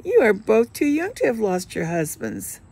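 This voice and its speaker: A woman reading the lines of a brooding, wine-drinking man in his forties, in a soft, musing manner. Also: a little high, huge pitch swings, normal speed, gravelly, slightly rough, voice pushed up, exaggerated voice. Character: brooding forty-five-year-old man drinking wine.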